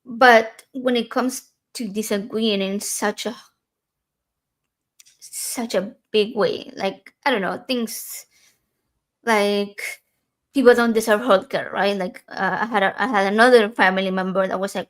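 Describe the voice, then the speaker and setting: A woman's voice: mid-range voice, steady tone, a little slow. A woman talking earnestly and personally in a casual podcast conversation, with frequent fillers and restarts.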